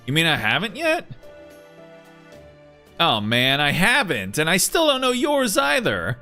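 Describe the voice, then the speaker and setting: A man's voice: fairly high pitch, wildly swooping pitch, unhurried, pushed and bright, soft background music, pitched above the performer's own voice, heavily acted. A man voicing a friendly, talkative young male hero in a voiced game playthrough. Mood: easygoing.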